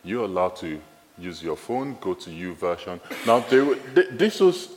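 A man with a Nigerian accent preaching a sermon in a church, lively and animated, often repeating his phrases. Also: measured pace, long reverb tail, slight background noise. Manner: lively, animated, repeats phrases, rises high when excited.

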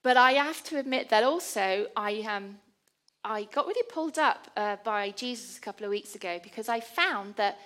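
A woman's voice: fairly high pitch, animated, moderate pace, fairly bright tone. A woman giving a conversational, self-deprecating sermon. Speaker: preacher.

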